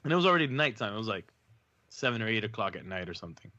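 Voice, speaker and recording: A man with a bright, forceful voice tells an animated story with slang in a relaxed podcast chat. The recording is dry, dull and lo-fi. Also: lowish voice, very fast, dry recording. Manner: animated anecdote-telling with slang. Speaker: podcast co-host. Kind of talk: casual chat. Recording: dull lo-fi audio.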